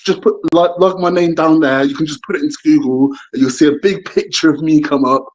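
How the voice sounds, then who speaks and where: A man's voice: on the high side, fairly even intonation, a little fast, darkish tone, dull audio. A man calling into a livestream, a lawyer, speaking casually and hesitantly. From Britain. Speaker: caller, lawyer.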